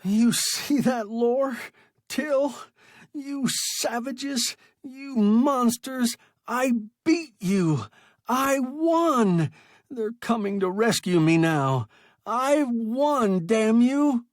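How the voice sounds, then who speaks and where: A man's voice: very high voice, lively intonation, very slow, no echo, studio quality, voice pushed up, exaggerated voice. A man voicing a desperate, half-mad stranded old man who screams and pleads. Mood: triumphant.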